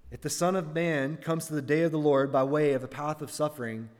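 A man preaching to his congregation in an earnest voice that sits a little high. He keeps asking them questions as he builds his point. His voice carries a long hall reverb. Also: steady tone, brisk, darkish tone, clean tone. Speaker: pastor. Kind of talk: sermon.

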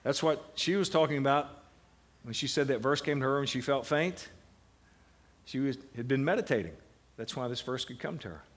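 A man's voice: mid-range voice, expressive, normal speed. A middle-aged man giving a classroom lecture on Bible meditation, putting questions to his students and answering them. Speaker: seminary lecturer.

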